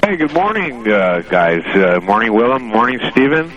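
A man's voice: medium pitch, sing-song, normal speed, fairly bright tone. A male radio contributor chatting casually and rambling, full of "uh" and "you know" fillers. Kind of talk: casual chat. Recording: dull lo-fi radio audio.

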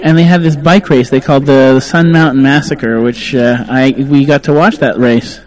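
A man's voice: medium pitch, steady tone, normal speed, poor audio. A Canadian man hosting a radio talk show, chatting casually and laughing often.

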